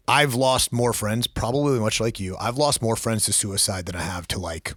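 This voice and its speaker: A man's voice: on the low side, moderate pace, fairly bright tone, no room sound, clean studio sound. A man in his forties, a former law enforcement officer, telling a personal story as a podcast guest, blunt and raw, swearing freely.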